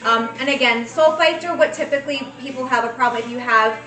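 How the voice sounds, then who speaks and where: Chatty high-voiced woman in an echoey room. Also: quick pace, sharp tone, far from the mic, faint music behind. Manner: chatty, enthusiastic, rambling with fillers. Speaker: co-host. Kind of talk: casual chat.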